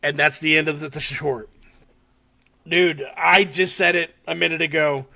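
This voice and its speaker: A man's voice: on the high side, normal speed, creaky. A man co-hosting a podcast, animatedly recapping a horror short in casual chat, swearing often and laughing as he tells it. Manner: animated, swears a lot, laughs while telling.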